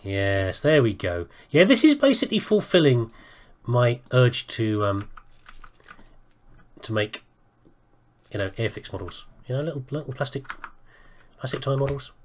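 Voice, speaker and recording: A man's voice: medium pitch, big pitch swings, measured pace, pauses often. A man giving casual let's-play commentary, rambling and thinking aloud with self-mocking asides. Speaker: gaming video host.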